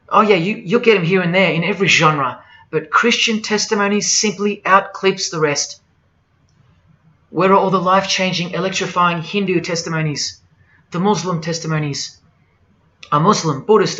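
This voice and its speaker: Forceful preaching man, lo-fi sound. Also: high voice. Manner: forceful, rhetorical, questioning. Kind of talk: preaching monologue. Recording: dull lo-fi audio.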